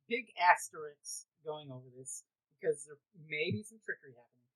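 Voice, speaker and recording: Excitable woman co-host, bright tone, lively pitch, casual swearing. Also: a little fast, low-quality recording. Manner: excitable, swears freely, repeats herself. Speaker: podcast co-host. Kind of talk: casual chat.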